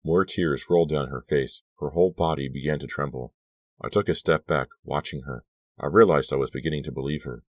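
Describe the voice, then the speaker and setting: Man reading an audiobook, super deep voice, steady and measured, dry close sound. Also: no room sound. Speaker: audiobook narrator. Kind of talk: scripted narration.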